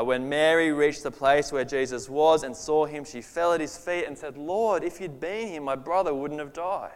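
Earnest preacher man in a reverberant hall. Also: medium pitch. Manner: earnest and emphatic, voice rising when describing Jesus' anger. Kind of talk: sermon on a Bible passage.

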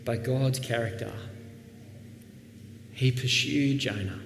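A man preaching a sermon as pastor, earnest, dropping soft and then rising with emphasis. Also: mid-range voice, takes it slowly, creaky. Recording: echoey hall, faint background noise.

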